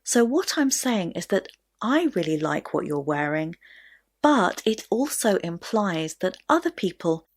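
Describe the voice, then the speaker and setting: Woman, teacher, low-ish voice but very animated, careful clear delivery. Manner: clear, deliberate, stresses words for demonstration. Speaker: English pronunciation teacher. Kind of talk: scripted lesson to camera.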